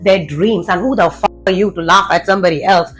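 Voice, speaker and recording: A woman's voice: fairly low pitch, brisk, slightly rough, soft background music, rough recording. A woman confidence coach delivering a blunt, cursing motivational rant, hammering out rhetorical questions. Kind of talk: profane motivational rant to camera.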